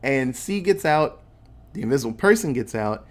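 A man's voice: mid-range voice, moderate pace. A man casually recapping a film plot, swearing freely and acting out the characters' lines as he tells it. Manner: animated storytelling, acting out quotes. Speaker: podcast co-host recapping a film. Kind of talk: casual chat, profane movie recap.

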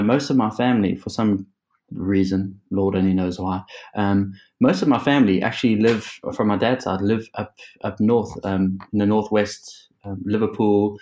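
A man's voice: lowish voice, darkish tone, poor audio. A South African man chatting as an interview guest, rambling with many fillers, laughing often and swearing casually.

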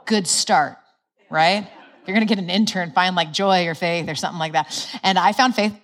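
A woman's voice: on the low side, moderate pace, fairly bright tone. A woman preaching a sermon in a casual, conversational way. She laughs often and acts out the lines she quotes.

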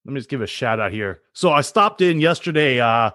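A man from Canada with a Canadian accent, co-hosting a casual sports and beer chat, animated and quick to laugh. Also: medium pitch, no echo, clean studio sound. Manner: animated, laughs easily, relaxed banter. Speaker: podcast co-host.

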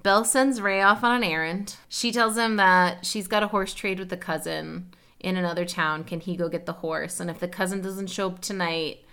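A woman's voice: lowish voice, steady tone, moderate pace, pushed and bright, clean tone. Chatty young woman telling a story. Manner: chatty, lots of "like", acts out quotes. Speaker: podcast co-host. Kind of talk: casual storytelling chat.

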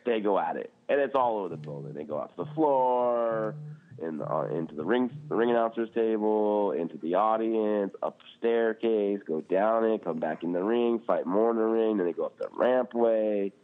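Fairly low-pitched and at normal speed, a male podcast co-host launches into a casual, animated rant packed with swearing and "like" fillers. The audio comes through tinny, like a phone call.

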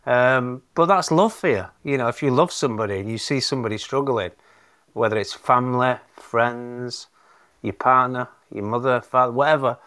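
A man joins his wife on a podcast and speaks gently and softly, with a mid-range pitch. He comes across as candid. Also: moderate pace. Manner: gentle, soft-spoken. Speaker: guest's husband. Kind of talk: casual chat.

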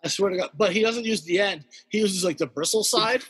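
High-voiced, husky, swearing storyteller man. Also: fairly quick, in a large hall. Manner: animated storytelling, heavy swearing, acts out the characters. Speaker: guest storyteller. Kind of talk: casual podcast chat.

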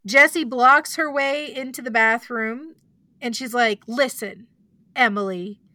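A woman's voice: high voice, a little slow, pushed and bright, no echo. A woman hosting a podcast, retelling a story in a chatty casual way, full of likes and asides. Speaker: podcast host.

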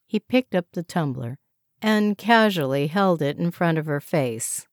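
A woman narrating a novel aloud in a measured, even way. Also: sits low, no echo, studio quality. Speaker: audiobook narrator. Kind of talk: scripted narration.

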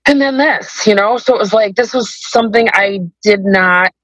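A woman's voice: medium pitch, moderate pace, a bit bright, dry recording, lo-fi sound. A woman telling her personal story as a guest in a podcast interview, hesitant and rambling, with many restarts.

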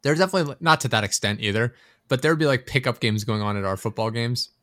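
A man's voice: mid-range voice, quick pace, fairly bright tone, dry recording, clean studio sound. A young man in casual chat, laid-back and swearing freely as he tells stories and acts out quotes.

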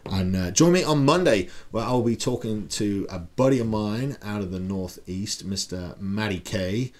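A middle-aged man with a fairly low voice delivers a casual motivational monologue. He is a podcast host who swears freely and keeps asking his listeners rhetorical questions. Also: normal speed, a little mellow. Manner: blunt, profane, pep-talk delivery with many rhetorical questions.

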